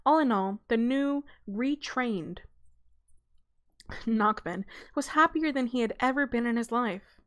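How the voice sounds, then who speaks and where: A woman hosting her channel, reading a children's novel aloud in a relaxed, casual way with small stumbles and self-corrections. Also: a little high, measured pace. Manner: breaks off for a light aside and a laugh.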